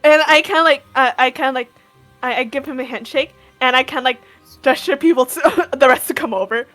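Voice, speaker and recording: A woman playing a tabletop role-playing game who describes her character's actions in a halting, casual way. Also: high voice, a bit bright, no echo, faint music behind. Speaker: player.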